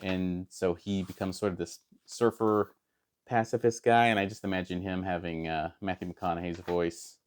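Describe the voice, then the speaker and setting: A man's voice: deep voice, fairly even intonation, normal speed, smooth. A man reviewing a comic book in casual, rambling chat, hesitant with many fillers and restarts.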